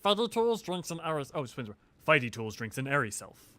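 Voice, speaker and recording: A man's voice: on the high side, very animated, fairly quick, bright, forceful tone, dry recording. A man voicing an eager male goblin scholar who speaks in clipped, broken grammar. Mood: excited.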